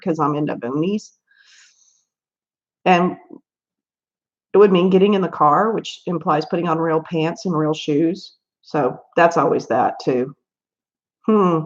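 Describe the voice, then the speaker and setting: A woman's voice: mid-range voice, muffled recording. A woman hosting a casual livestream at home while she colors, chatting in a rambling way and laughing often. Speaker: livestream host.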